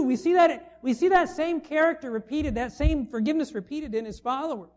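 A man's voice: extremely high pitch, animated, a little fast, hardly any pauses. A middle-aged man preaching a sermon, conversational and full of rhetorical questions to the congregation. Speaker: pastor.

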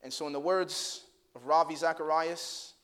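Male pastor, high voice, storytelling sermon, swings from quiet to impassioned, asks the congregation questions. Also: fairly even intonation, normal speed. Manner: swings from hushed storytelling to loud impassioned preaching; addresses congregation directly with rhetorical questions.

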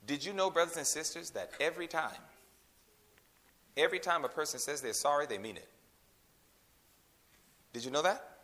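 Male preacher, sermon, high voice, call-and-response questions, loud-to-hushed swings. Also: lively intonation, normal speed, pauses often. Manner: call-and-response, quizzing the congregation. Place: in a room with a congregation.

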